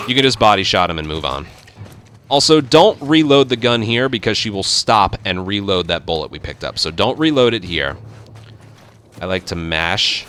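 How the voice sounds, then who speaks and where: A man hosting a speedrun tutorial, explaining step by step in relaxed casual game commentary. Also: fairly low pitch, slight background noise.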